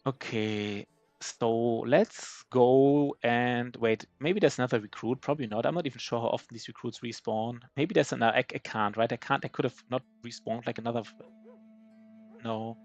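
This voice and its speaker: A man speaking English with a German accent, his first language being German, narrates his game live as a streamer. He talks at a middling pitch, rambling and joking at his own expense, often restarting his sentences. Faint music plays underneath. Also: moderate pace, muffled recording. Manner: rambling, self-mocking, many restarts. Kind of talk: live gameplay commentary.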